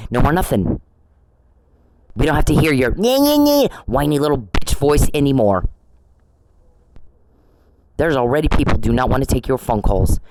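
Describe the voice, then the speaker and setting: A man's voice: medium pitch, darkish tone, slight background noise, poor audio. A man delivering an angry, confrontational monologue at someone he says is harassing him, repeating himself and swearing.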